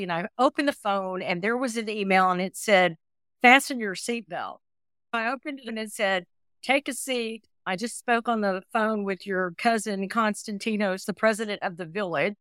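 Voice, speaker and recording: A woman in her sixties speaks as an interview guest, recounting her story with earnest, animated warmth and acting out quoted lines. Her voice sits in a middling pitch. The recording is close and dry, with no room sound. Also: dry recording. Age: 60s. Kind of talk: emotional personal storytelling.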